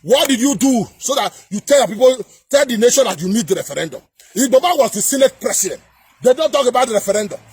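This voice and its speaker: Nigerian guy ranting loud, really high voice, husky, keeps repeating himself. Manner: ranting, repeats phrases and often shouts. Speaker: political commentator. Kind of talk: impassioned political rant to camera.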